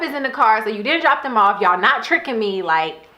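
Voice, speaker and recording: A young woman telling a casual storytime vlog, animated and often breaking into laughter as she talks. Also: a little high, a little fast, echoey room. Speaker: vlogger.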